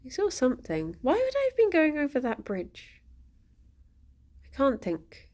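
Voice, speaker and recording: A woman's voice: sits high, huge pitch swings, unhurried, a little mellow. A woman streaming from home, chatting in a rambling, easygoing way and often breaking into laughter. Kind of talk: casual chat to a live stream.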